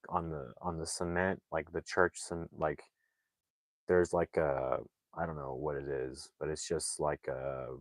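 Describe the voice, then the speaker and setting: A man's voice: low voice, a bit bright, dry recording. A man retelling a movie's plot in a loose, casual way, packing his talk with "like" and slipping into the characters' lines. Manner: rambling, heavy use of "like" fillers; acts out characters' lines in quick asides. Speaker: movie reviewer.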